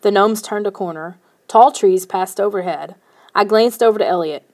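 A woman narrating a first-person children's novel in a steady storytelling manner. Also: mid-range voice, normal speed. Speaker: audiobook narrator.

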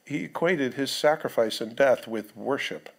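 A man at a mid-range pitch delivers a sermon as a pastor. He talks in a loose, conversational way, breaking off for asides and questions to the listeners. He reads the scripture passages aloud. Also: moderate pace, vocal fry.

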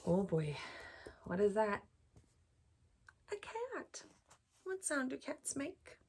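A woman storyteller reading a picture book aloud for a bedtime program, gently asking children questions as she goes. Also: high voice, wildly swooping pitch, slow, a little hiss or hum.

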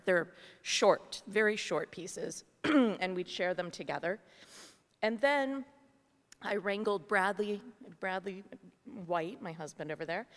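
A middle-aged woman artist speaking to a gathering, telling a personal story in a candid, earnest way with many asides. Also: mid-range voice. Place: large meeting hall. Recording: long hall reverb.

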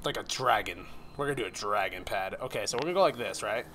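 A man's voice: lowish voice, lively intonation, fast talker, hardly any pauses, a bit bright, a little hiss or hum. A young man casually narrating a video game, rambling, swearing and yelping when startled. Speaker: gaming YouTuber. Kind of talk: casual let's-play commentary.

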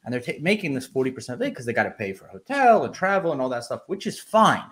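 A man's voice: medium pitch, sing-song, fast, a bit bright. A man on a casual podcast, earnestly explaining his views as a sports card collector.

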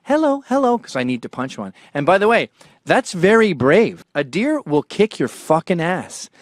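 A man in his forties hosting a show, telling profane comedic stories and jumping between low mumbling asides and sudden loud outbursts. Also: sing-song, moderate pace, no echo, clean studio sound. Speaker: show host.

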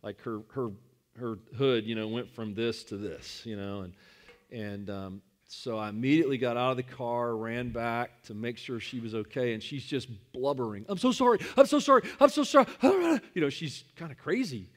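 A man's voice: mid-range voice, normal speed. A male pastor giving a sermon in a conversational, storytelling manner, weaving a personal anecdote into his teaching.

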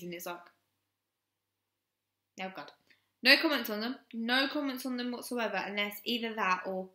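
A woman's voice: mid-range voice, pushed and bright. A young woman, frankly telling a personal story on her vlog and rambling with many "um"s. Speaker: vlogger. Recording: roomy echo.

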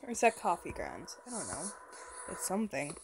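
A woman's voice: on the low side, wildly swooping pitch, normal speed, background noise. A woman playing a horror game and commenting along, chatty and jokey, talking back to the characters on screen. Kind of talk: let's-play commentary.

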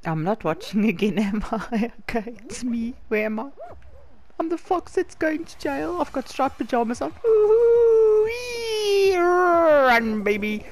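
A hoarse woman giggling, swearing and shrieking with excitement through her let's-play commentary, over faint game music. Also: a little high, a little slow, slight background noise. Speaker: gamer.

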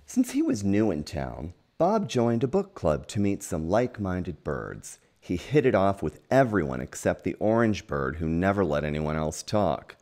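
A man reading a children's picture book aloud at home, gentle and unhurried, pausing to point out the pictures. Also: deep voice, big pitch swings. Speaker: storytime reader. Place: at home with a dog.

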